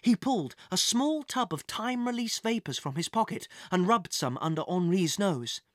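A narrator reading a children's adventure story with lively, dramatic pacing. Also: medium pitch, normal speed, dry recording, clean studio sound.

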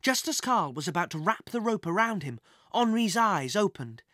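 A narrator reading a children's adventure story with lively, dramatic pacing. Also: medium pitch, moderate pace, dry recording, studio quality.

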